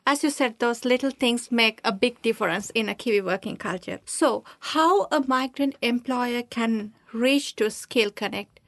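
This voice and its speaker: A woman's voice: on the high side, moderate pace, fairly bright tone, no echo. A woman interviewer asking questions and adding short agreeing replies. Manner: brief backchannel replies.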